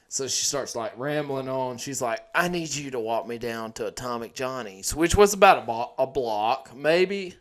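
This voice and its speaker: A man's voice: mid-range voice, expressive, normal speed, few pauses, fairly bright tone. A man telling a rambling, crude story in an easygoing way during casual chat.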